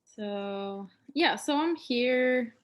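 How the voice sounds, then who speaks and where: A woman's voice: on the high side, very slow. A woman in a casual chat on a video call, setting up a livestream, hesitant and full of fillers and small laughs.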